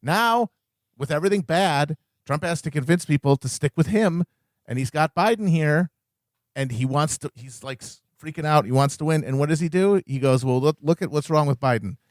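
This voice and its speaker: Podcast co-host, man, slightly high voice, dry close mic, wry and profane, builds to emphatic rants. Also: lively intonation, moderate pace, no echo. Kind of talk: casual political chat.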